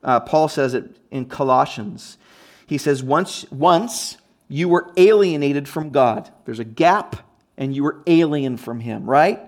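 A man's voice: medium pitch, measured pace. A man preaching a sermon in a conversational, emphatic way, with frequent restarts and asides. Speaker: pastor.

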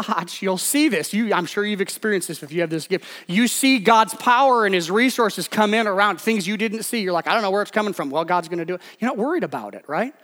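Male pastor, high voice, casual preaching full of acted-out asides, long hall reverb. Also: fairly bright tone. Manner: conversational preaching with quick acted-out quotes. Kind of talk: sermon.

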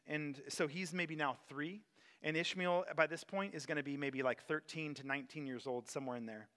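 A man's voice: fairly high pitch, a little fast, bright, forceful tone. A young man giving a casual sermon, reading scripture aloud and retelling it in plain, conversational words. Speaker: preacher.

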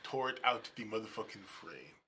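A man co-hosting a podcast, telling crude, profane stories in loud casual banter. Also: fairly low pitch, expressive, moderate pace, very noisy. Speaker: podcast co-host.

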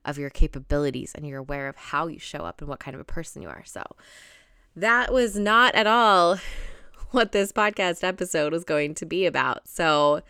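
A woman's voice: low voice, animated, normal speed, pushed and bright, clean tone, no echo, studio quality. A young woman hosting her own podcast, talking in a bubbly, gushing way with frequent laughs and gasps. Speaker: podcast host. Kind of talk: solo podcast monologue.

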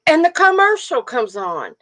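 A woman's voice: high voice, very animated, unhurried, fairly bright tone. A middle-aged woman co-hosting a casual chat, telling stories and laughing often. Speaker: podcast co-host.

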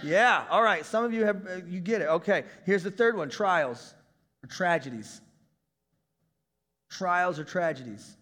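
A male pastor in his thirties preaching a conversational sermon, breaking into shouts now and then. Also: sits high, expressive, measured pace, long pauses, big-room sound.

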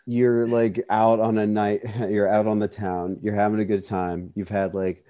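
A man's voice: lowish voice, level tone, moderate pace, mellow, muffled recording. A man chatting casually on a podcast, laughing a lot and rambling with fillers. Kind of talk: casual comedic chat.

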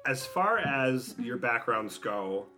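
A man hosting a casual theater chat, animated and often laughing. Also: mid-range voice, slow pace. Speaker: host. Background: loud music.

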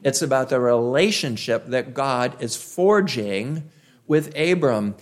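A man preaching a sermon, emphatic, repeating key phrases with drawn-out pauses. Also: mid-range voice, very animated.

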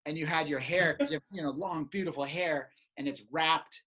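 Husky lower-voiced woman in her 30s, laughing through a story with a friend. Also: moderate pace, fairly bright tone, poor audio. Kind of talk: casual storytelling chat.

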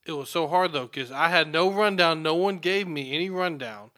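Man from alabama, podcast host, rambling storyteller, bright voice. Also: fairly high pitch, moderate pace. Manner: rambling, self-mocking storytelling. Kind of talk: casual chat.

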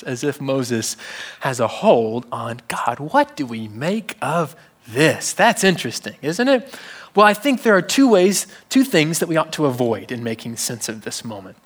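A man preaching a sermon in a church, animated and wry, with sudden hushed drops. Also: medium pitch, normal speed.

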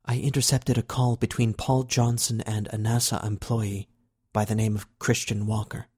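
A patient male government agent, formal and even as he delivers news, voiced by a male reader. His tone stays low, quiet and controlled. Part of a spoken novel. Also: breathy edge, dry recording, clean studio sound. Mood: measured. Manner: measured, respectful reporting.

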